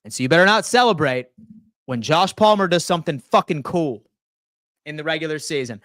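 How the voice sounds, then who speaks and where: On a live sports stream, a young host with a slightly high voice, lively intonation and brisk pace reads chat aloud and rants at viewers in a rowdy, teasing way. He swears often, veering from loud outbursts to quieter asides, captured in a dry recording.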